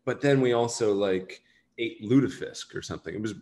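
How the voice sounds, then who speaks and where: A man's voice: on the low side, brisk, a little mellow. A man, an actor, chatting casually in an interview, rambling and self-deprecating with many fillers. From United States. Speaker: actor guest.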